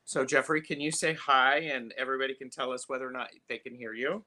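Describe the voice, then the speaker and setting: A man hosting a live tarot stream, chatting casually with lots of fillers and pauses. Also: medium pitch, flat delivery, bright, forceful tone. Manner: chatty, halting, many fillers.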